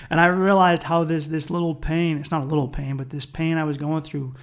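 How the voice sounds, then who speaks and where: Brief: male solo podcast host, gravelly voice, a bit high, rambling and swearing. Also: flat delivery, moderate pace. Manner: rambling, reflective, profane. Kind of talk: casual solo podcast monologue.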